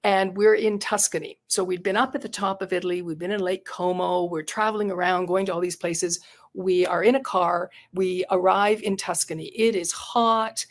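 In this interview, a retired psychotherapist and coach in middle age recounts something from her own life, earnest and reflective, often repeating words mid-thought. She speaks at a moderate pace in a fairly low, steady tone.

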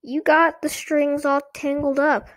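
A woman's voice: high-pitched, level tone, a little slow, a bit bright, voice pushed up. A woman reading as an eager puppet-loving girl. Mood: fond. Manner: eager and insistent. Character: cheerful girl who loves puppets. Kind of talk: storybook reading.

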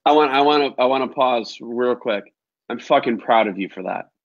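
A man's voice: medium pitch, moderate pace, lo-fi sound. A man hosting a podcast conversation, blunt and encouraging, swearing casually. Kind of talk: conversational interview.

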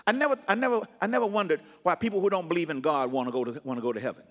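A man preaching a sermon as pastor, teaching slowly and repeating phrases for emphasis, then dropping into soft, low asides. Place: church sanctuary.

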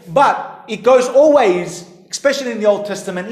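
A man preaching a sermon as pastor, emphatic, his voice rising and falling in pitch and volume. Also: lively intonation, a little fast, hardly any pauses. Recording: echoey hall.

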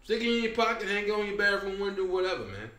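A young man hosts his comedy show, speaking in with a fairly high voice that swings up and down. He laughs his way through a rambling, profane recap. Nothing about his delivery is stiff. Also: big pitch swings, fast talker, bright, forceful tone, reverberant.

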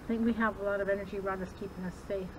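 A woman's voice: mid-range voice, level tone, racing. A woman paranormal investigator calling out to spirits during an outdoor ghost hunt. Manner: coaxing, talks to spirits. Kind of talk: ghost-hunting field chat. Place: outdoors at abbey ruins. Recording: loud outdoor background noise.

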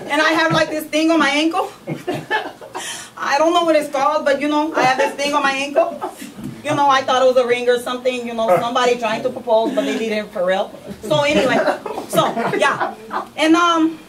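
A brash, streetwise young woman on probation, played by a woman in a one-woman comedy show rattles off her story in slang and keeps asking "you know what I say?". Her voice sits high. The stage mic is set back, with a faint hum of room ambience. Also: a bit bright, distant mic, low-quality recording.

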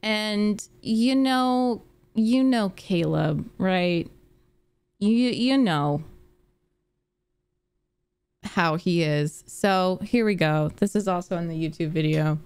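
Woman streamer, casual storyteller, giggly, unhurried delivery, dry close sound. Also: fairly low pitch, a little mellow, clean tone, dry recording. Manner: giggly, laughs often between lines. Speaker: gaming streamer.

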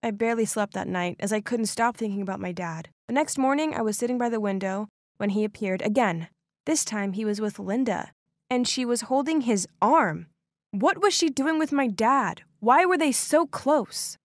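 A young adult woman narrating a first-person animated story in an expressive, dramatic way. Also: on the high side, normal speed, dry recording, clean studio sound.

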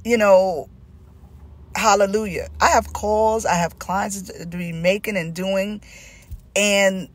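A middle-aged woman with a Southern US accent delivers an informal sermon. She talks slowly and deliberately, at a mid pitch. She drives points home by repeating them. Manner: emphatic, repetitive, preachy. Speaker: Christian teacher.

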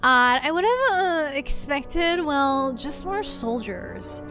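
A woman's voice: high voice, animated, measured pace, soft background music. A woman voicing a dismissive young woman guard captain in a game, with a valley girl drawl and lots of "like". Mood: mocking. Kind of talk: reading game dialogue aloud in character.

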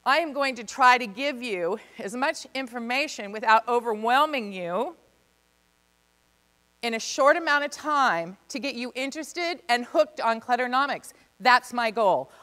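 A woman giving an energetic, comedic live seminar talk as a business speaker, playing with the audience. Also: on the high side. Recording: long reverb of a hall.

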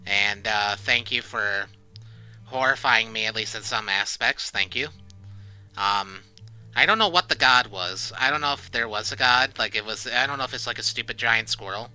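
A young man playing a horror game on his channel, panicking and swearing out loud, then giving a rambling casual review. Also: on the low side, moderate pace, clear, resonant tone, faint music behind, rough recording. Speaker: gaming channel host. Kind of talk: horror game let's play commentary.

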